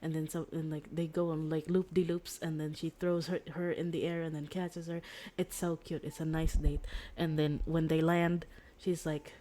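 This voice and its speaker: A young woman chats on her stream from a home setup, her voice sitting a little low for a woman. She rambles through a story, tripping over her words and giggling often. The sound is close and plain, like a desk microphone. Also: moderate pace, hardly any pauses. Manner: rambling, full of "like" and restarts; giggly, excitable. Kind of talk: casual chat retelling a story.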